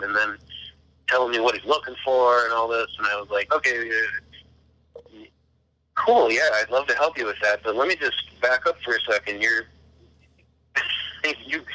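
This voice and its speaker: Male caller, bright edge, dry mic, profane storyteller quoting himself. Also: mid-range voice, no echo, rough recording. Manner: profane, retells dialogue in quoted voices. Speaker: caller recounting a phone call. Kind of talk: casual storytelling.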